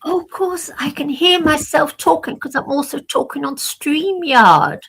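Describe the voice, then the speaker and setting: Older woman, stream host, high and gravelly, chatty self-talk. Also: unhurried, a bit bright, slight background noise. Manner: chatty, rambling, talks to herself. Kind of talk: casual live-stream chat.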